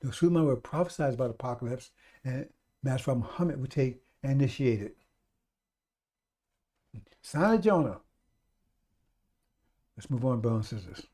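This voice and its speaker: A man's voice: mid-range voice, animated, moderate pace, long pauses, dark tone. A man preaching a radio sermon, repeating himself emphatically and calling out to his brothers and sisters. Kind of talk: live-streamed radio sermon.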